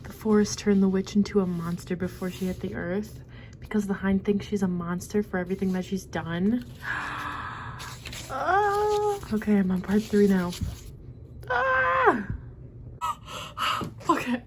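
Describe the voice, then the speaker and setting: A woman giving a casual reading vlog reaction, excitable and rambling, gasping and squealing at plot twists. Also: mid-range voice, moderate pace, a little hiss or hum. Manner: rambling recap with many fillers. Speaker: book vlogger.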